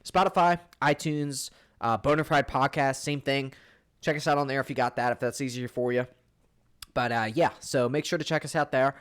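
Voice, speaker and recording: A man's voice: mid-range voice, fairly even intonation, moderate pace, fairly bright tone, clear, resonant tone. A young man co-hosting a podcast in casual chat, blunt, rambling and full of swearing. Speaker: podcast co-host.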